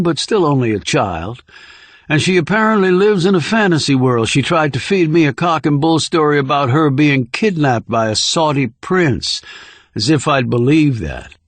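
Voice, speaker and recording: A man voicing a menacing middle-aged male interrogator who speaks formally, slowly and with condescension. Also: fairly high pitch, animated, dry recording. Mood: sneering.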